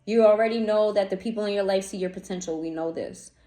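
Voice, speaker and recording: A woman giving a casual tarot reading straight to her viewers, blunt and animated, swearing freely in slangy talk. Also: mid-range voice, quick pace. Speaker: tarot reader. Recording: echoey room, faint noise.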